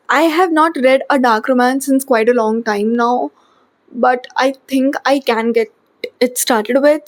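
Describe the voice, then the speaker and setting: A young woman with an Indian English accent chatting casually in a home vlog about books she has read, rambling and dropping in Hindi words. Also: a little high. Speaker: book vlogger. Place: home bedroom.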